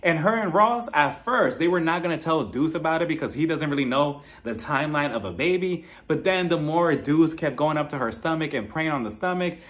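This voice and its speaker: Male reality-TV recapper, casual, lively and fairly high-pitched. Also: a little fast, few pauses. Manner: animated storytelling, acts out quotes. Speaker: TV show reviewer.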